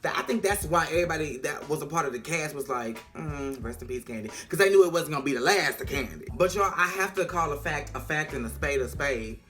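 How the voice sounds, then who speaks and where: Sassy, animated woman recapping a show. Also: deep voice, fairly quick, hardly any pauses, soft background music. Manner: sassy, slang-heavy, animated storytelling. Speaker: TV episode reviewer. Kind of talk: casual recap vlog.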